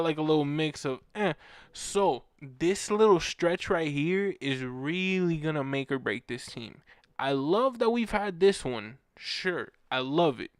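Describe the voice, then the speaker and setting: A young man hosting a fan show, telling a story in casual, animated chat full of slang. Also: mid-range voice, smooth, dry recording, clean studio sound. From Orlando, Florida. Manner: animated, slangy, says bro a lot.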